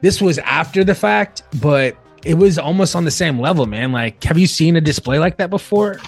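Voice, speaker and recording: A man co-hosting a podcast, telling a story in a relaxed, halting way. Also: a little high, gravelly, husky, faint music behind. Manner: relaxed, hesitant storytelling with fillers. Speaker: podcast co-host. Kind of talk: casual chat.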